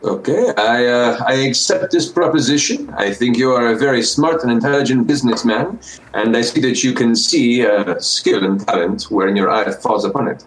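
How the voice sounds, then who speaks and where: Male player, roomy echoey sound, mid pitch, smooth flattering patter in character, faint noise. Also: moderate pace. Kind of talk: in-character role-play as a dwarf.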